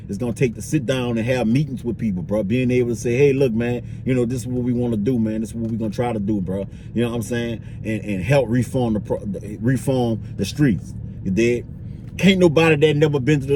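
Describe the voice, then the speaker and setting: A man's voice: mid-range voice, warm tone, slight background noise. A man vlogging in a loose, slangy street-talk monologue, filling it with "you dig" and "bro".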